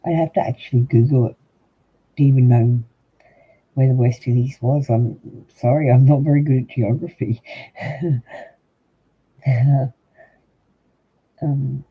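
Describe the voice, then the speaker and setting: A man's voice: medium pitch, fairly even intonation, unhurried, pauses often. An older man with an Australian accent, chatting casually and rambling with livestream viewers, full of ums, as a tarot reader. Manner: rambling, chatty, frequent ums, talks straight to chat. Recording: tinny phone-like husky audio.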